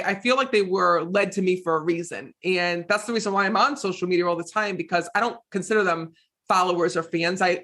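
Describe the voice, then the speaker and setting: In a high voice, a man being interviewed as a psychic medium spins animated, casual stories. He repeatedly says "next thing you know."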